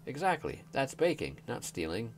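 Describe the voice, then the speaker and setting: A man's voice: mid-range voice, wildly swooping pitch, normal speed, slight background noise, pitched above the performer's own voice. A man voicing a cheerful, shifty young villager who insists he is innocent, read aloud from a game. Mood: breezy. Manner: breezy, protesting innocence.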